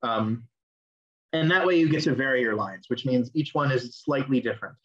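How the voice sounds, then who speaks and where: A young man gives a relaxed online lecture over a video call. His voice sits at an ordinary pitch, and the audio sounds dull and a bit lo-fi. He explains things conversationally and often stops to restart a phrase. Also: moderate pace. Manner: casual, explanatory, with fillers and restarts. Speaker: teacher.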